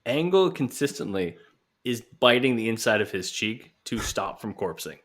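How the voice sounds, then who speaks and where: A man co-hosts a casual podcast, with a voice of middling pitch. He jokes and swears as he talks, and slips into voices when he quotes others. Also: sing-song, moderate pace, a bit bright. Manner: joking, swearing, quotes wrestlers in put-on voices. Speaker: podcast co-host.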